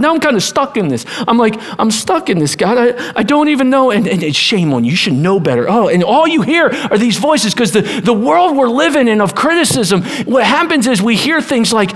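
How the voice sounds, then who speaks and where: A man preaching a sermon as pastor, animated, acting out voices and dropping to a hush at times. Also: high voice, fairly quick, few pauses.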